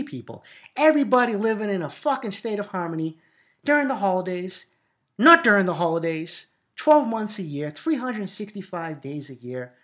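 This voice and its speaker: A man's voice: sits high, a bit bright. Male podcast host, 30s, solo monologue, profane and rambling, subdued and a bit depressed. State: low, borderline depressed mood.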